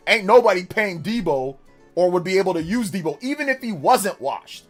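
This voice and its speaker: A man's voice: high-pitched, lively intonation, moderate pace, soft background music. Emphatic, argumentative male streamer. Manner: emphatic, argumentative, talks back to chat. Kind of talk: live stream reaction and chat.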